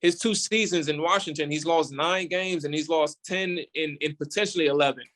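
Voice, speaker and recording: Animated male sports podcaster. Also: on the high side, fairly quick. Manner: animated and opinionated, repeats words while building a point. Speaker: podcast host, guest on the show. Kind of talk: casual sports radio talk.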